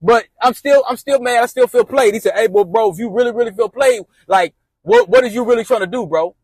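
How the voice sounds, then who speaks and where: High-voiced man telling a rambling storytime. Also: brisk, slightly rough, no room sound. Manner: slangy, rambling, acts out friends' quotes. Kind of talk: casual storytime monologue.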